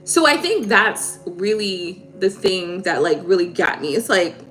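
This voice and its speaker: A woman's voice: lowish voice, lively intonation, unhurried, a bit bright, soft background music. A woman hosting a live tarot stream, venting heatedly in casual talk, swearing and repeating herself.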